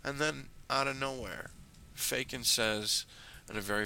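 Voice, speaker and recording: A man's voice: medium pitch, unhurried, creaky, sharp tone, a little hiss or hum. A young man telling a personal story in a dry, wry way, often in short clipped phrases.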